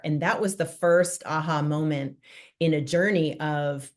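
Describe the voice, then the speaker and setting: A woman's voice: deep voice, unhurried. A woman guest on a podcast, an interior designer, recounting her experience in a reflective, heartfelt way. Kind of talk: casual interview chat.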